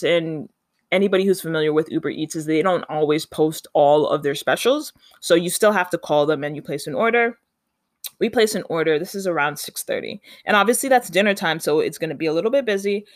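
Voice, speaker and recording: A speaker from Canada, telling a story in a chatty, animated vlog style and acting out the dialogue. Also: mid-range voice, brisk, no room sound, studio quality.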